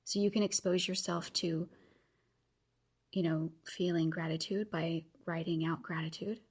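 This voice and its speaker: A woman in her thirties hosts a motivational podcast with a husky, breathy voice that sits a little low. She speaks earnestly and encourages her listeners directly. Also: steady tone, unhurried. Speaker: podcast host.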